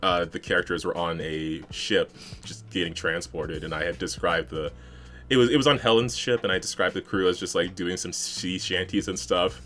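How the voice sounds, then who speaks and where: A man co-hosting a tabletop gaming podcast, explaining ideas in a relaxed, thoughtful way. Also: sits low, moderate pace. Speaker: podcast co-host and game master. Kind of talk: casual podcast chat.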